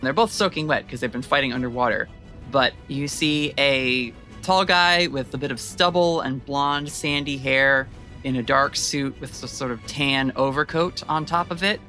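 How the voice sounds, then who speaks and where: A woman's voice: very deep voice, normal speed, sharp tone, faint music behind. A woman narrating a tabletop horror game as game master, with chatty, descriptive storytelling.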